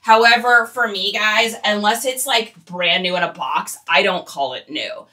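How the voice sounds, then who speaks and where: A woman's voice: mid-range voice, a little slow, bright, forceful tone, far from the mic. A woman who resells online, chatting casually and rambling while she photographs shoes. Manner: chatty and rambling, with fillers and laughs.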